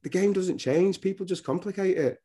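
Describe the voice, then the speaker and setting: A man's voice: high-pitched, a little fast, dark tone, husky. A middle-aged man, a former footballer and coach, talking casually as a guest and telling rambling stories with many restarts. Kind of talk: casual podcast interview.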